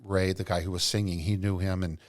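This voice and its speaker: Middle-aged guy rambling through his business stories on a podcast, super low voice. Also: flat delivery, brisk. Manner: earnest, rambling anecdotes. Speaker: podcast guest, entrepreneur. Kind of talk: casual storytelling interview.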